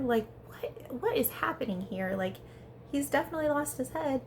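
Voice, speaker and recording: A woman giving a casual, chatty recap of a reality show episode, talking fast and peppering her speech with "like". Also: sits high, a little hiss or hum. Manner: chatty, animated, heavy use of "like". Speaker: reality TV reviewer.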